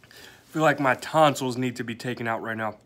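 A man's voice: mid-range voice, fairly quick, fairly bright tone. A man vlogging in a break room at work, mouth burning from a hot pepper, coughing and letting out pained exclamations. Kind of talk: casual vlog.

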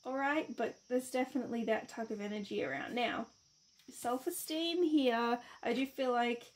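A woman's voice: fairly high pitch, moderate pace. A woman giving a casual, reassuring tarot reading to camera, chatty and rambling with many fillers. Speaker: tarot reader.

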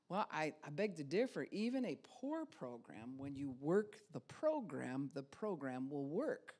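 A woman's voice: low voice, sing-song, normal speed, few pauses, darkish tone. A woman pastor giving a casual spiritual teaching talk, conversational, with many rhetorical questions and light laughs.

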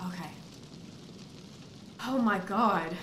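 A woman giving animated let's-play commentary, playfully narrating what her game character does and sometimes breaking into loud shrieks and laughter. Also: medium pitch, extremely slow. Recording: roomy echo with clear background noise.

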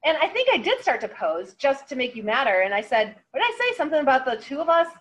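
A woman's voice: high-pitched, big pitch swings, quick pace, slight background noise, pitched above the performer's own voice, poor audio. A woman reading the lines of an earnest, friendly teenage boy in a novel, with a fumbling, open manner. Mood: eager.

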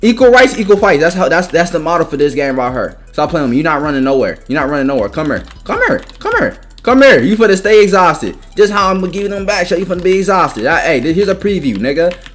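A young man giving loud, trash-talking gaming commentary, jumping between high yells and low mutters. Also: sing-song, brisk, few pauses, faint music behind. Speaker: gaming YouTuber.

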